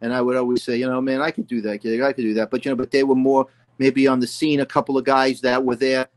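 A man's voice: medium pitch, flat delivery, fast talker. A man in his sixties, a guest musician, telling long rambling stories in a casual interview, full of restarts and "you know".

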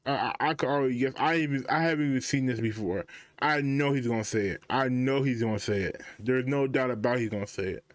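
A man riffs through casual reaction commentary in a dry, close recording with no room sound. He chats loosely, breaks into laughter and turns to his viewers often. His voice sits at an ordinary middle pitch. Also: quick pace, no room sound. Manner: chatty, laughing asides to viewers. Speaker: reaction video host.

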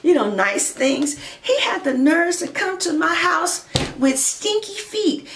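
A woman's voice: extremely high pitch, very animated, slow, roomy sound, background noise. A woman giving a casual tarot reading, chatty and playful, who laughs often and calls listeners honey and darling. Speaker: tarot reader.

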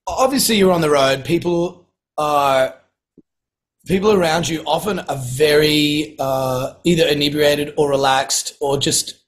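A middle-aged man, a guest telling casual anecdotes in a relaxed, chatty way and often clearing his throat. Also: fairly high pitch, a little slow, low-quality recording. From Australia. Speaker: guest, singer-songwriter.

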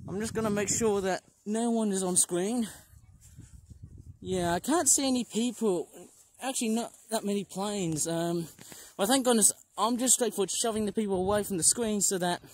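A man's voice: high voice, a little hiss or hum, poor audio. A man from Malaysia casually narrating a plane spotting vlog outdoors, rambling and commenting on passing trains and planes into a handheld camera. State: out of breath. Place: outdoors near a railway and airfield.

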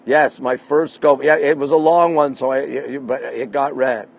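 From his rooftop deck at night, a Canadian man hosts a live stream on a hand-held phone, reading viewer comments and cheerfully greeting people by name. His mid-range voice is steady, moderately paced, creaky, and a little mellow, with lo-fi sound.

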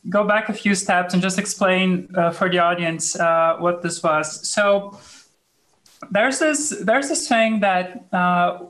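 A woman's voice: on the low side, slow pace, a bit bright, poor audio. A woman who is a guest on an online panel, giving a casual technical explanation in a loose, hesitant way with many fillers. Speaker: panel guest, conference speaker. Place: remote video call.

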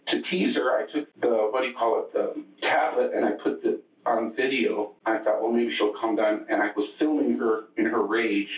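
Rambling, halting male suspect, low voice, phone-like interview tape. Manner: rambling, halting, many restarts. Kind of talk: recounting events in a police interview. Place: police interview room. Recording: echoey, distant, phone-like interrogation room audio.

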